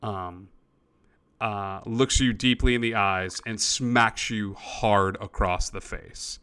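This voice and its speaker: Smooth-voiced man narrating a tabletop game. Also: lowish voice, fairly even intonation, slow pace, sharp tone. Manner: loose, filler-heavy, frequent uh and um. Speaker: game master.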